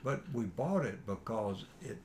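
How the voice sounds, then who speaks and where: An older man, reminiscing in a halting, rambling way with fillers while his son interviews him. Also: lowish voice, animated, a little mellow, slight background noise. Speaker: father being interviewed. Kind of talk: casual family interview.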